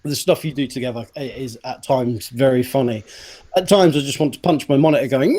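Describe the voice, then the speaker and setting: A man's voice: mid-range voice, a little fast, dark tone. A man hosting a casual livestream interview, joking and teasing, with a sore throat. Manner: jokey, teasing, laughs often. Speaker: host, interviewer.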